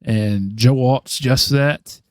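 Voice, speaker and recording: A man's voice: mid-range voice, slow pace, no echo, studio quality. A man co-hosting a podcast, talking through draft picks in casual chat, thinking aloud with many ums and restarts. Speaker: podcast co-host.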